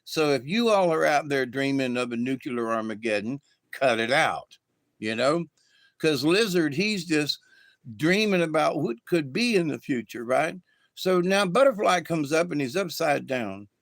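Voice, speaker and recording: A man hosting a live spiritual card reading, telling stories in a folksy, meandering way with lots of fillers. His voice is gravelly and somewhat high for a man. The sound is close and dry. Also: animated, unhurried, fairly bright tone, dry recording. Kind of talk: rambling live-stream storytelling.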